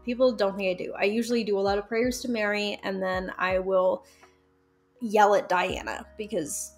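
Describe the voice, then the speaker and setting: A woman guest in a casual interview, talking in a lively, chatty way with frequent laughs and fillers. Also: mid-range voice, normal speed, soft background music. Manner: animated, chatty, laughs often, many fillers. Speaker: guest, folk magic practitioner.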